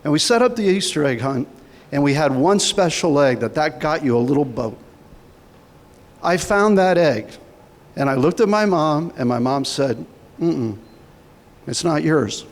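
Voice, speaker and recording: A man's voice: on the high side, a little mellow. A man giving a heartfelt campaign speech as a political candidate, telling a personal story. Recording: hall reverb.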